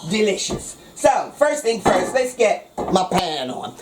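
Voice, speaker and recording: A woman's voice: medium pitch, very animated, slow. Jokey woman cooking in her kitchen, chatty slang, noisy background. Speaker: cooking show host. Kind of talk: casual cooking vlog.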